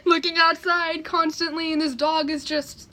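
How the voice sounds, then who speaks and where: A woman's voice: extremely high pitch, level tone, moderate pace, bright, forceful tone. A teenage girl telling a story on camera in a casual way, laughing often as she talks. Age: teens. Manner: laughing through her story, giggly. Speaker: vlogger.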